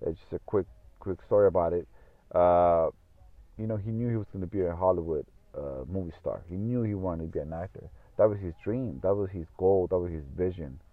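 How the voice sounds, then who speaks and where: A man's voice: sits low, fairly quick, dry recording. A man telling a story in a casual monologue, rambling, repeating himself and swearing often. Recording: tinny phone-like audio.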